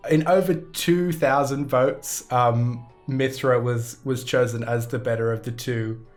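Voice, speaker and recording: A relaxed interview host chatting casually, full of fillers and trailing phrases. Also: mid-range voice, measured pace, faint music behind. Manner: relaxed, rambling, filler-heavy.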